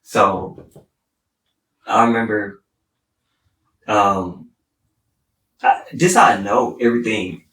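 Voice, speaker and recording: A man's voice: lowish voice, slow, pauses often, fairly bright tone. A young man from Houston, a podcast guest telling a personal story in a rambling way with many "like" fillers and restarts. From Houston, Texas. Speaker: podcast guest, singer-songwriter. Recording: roomy, distant mic.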